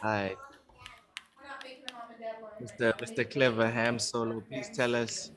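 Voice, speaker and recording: A man co-hosting a casual gaming podcast, talking in a playful, animated way with frequent laughter. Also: mid-range voice, takes it slowly, a crowd in the background. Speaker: podcast co-host.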